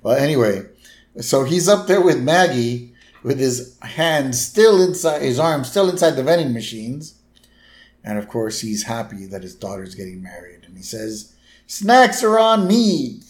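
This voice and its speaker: A man co-hosts a podcast, retelling a cartoon plot in an easygoing way. He drops wry comments between the story beats. His voice sits at an ordinary middle pitch. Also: moderate pace, darkish tone. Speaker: podcast co-host. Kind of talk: casual chat recapping a cartoon episode.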